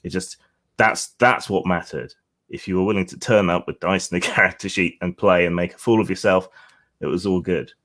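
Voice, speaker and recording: A man's voice: sits low, fairly quick, fairly bright tone. A man co-hosting a casual discussion over a video call, earnest and chuckling between his points. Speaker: co-host.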